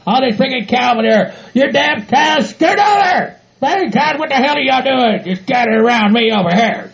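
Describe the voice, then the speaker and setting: Gruff hillbilly rancher, voiced by a man, gravelly and high, cussing nonstop, lo-fi audio. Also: moderate pace, a bit bright, exaggerated voice. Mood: grumbling. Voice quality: gravelly, exaggerated country hick voice. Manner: grumbles, swears, keeps repeating "by God". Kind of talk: comedy audio skit. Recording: dull lo-fi home recording.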